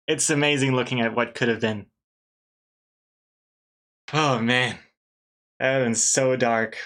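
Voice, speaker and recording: A man's voice: mid-range voice, bright, forceful tone. A man casually chatting on a live art stream while he draws, rambling, trailing off and laughing often. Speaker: artist streaming while drawing.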